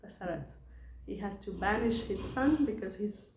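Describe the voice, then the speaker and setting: A woman's voice: mid-range voice, moderate pace, darkish tone, roomy sound, slight background noise. Chatty woman retelling scripture stories. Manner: chatty, laughs often. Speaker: devotee telling scripture stories. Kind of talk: casual storytelling talk.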